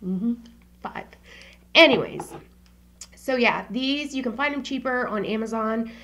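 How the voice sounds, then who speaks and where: A woman's voice: fairly high pitch, measured pace, fairly bright tone. A woman vlogging about her favorite beauty products in a casual, slangy chat, swearing freely and dropping into whispers for asides.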